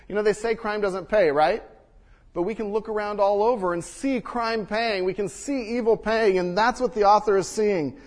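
A man preaching a sermon and reading scripture, swinging between loud emphasis and hushed quiet, recorded in a church sanctuary. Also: high voice, normal speed. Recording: long reverb of a large hall.

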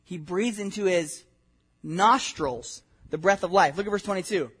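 A man from Southern California preaching a sermon, animated and conversational, with frequent asides and questions to the congregation. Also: high-pitched, normal speed, breathy edge. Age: adult, married with a wife. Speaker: pastor. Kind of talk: expository sermon.

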